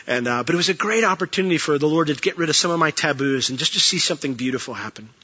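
Fast-talking bright-voiced male preacher. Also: a little high, animated, husky, muffled recording. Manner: earnest storytelling, frequent restarts. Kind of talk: sermon with personal stories and closing prayer. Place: church pulpit.

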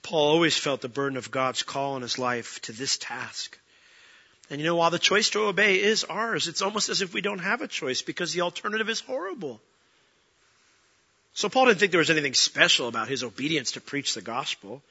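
A man preaching a sermon as pastor, lively and acting out the people he quotes. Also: a little high, a little fast, slightly rough, lo-fi sound. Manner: animated, acts out quoted voices.

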